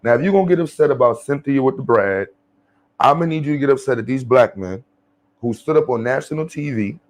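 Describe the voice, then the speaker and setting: A man's voice: medium pitch, expressive, a little fast, a little mellow. A man hosting his channel, giving blunt, profane off-the-cuff commentary. He rambles with many fillers and restarts.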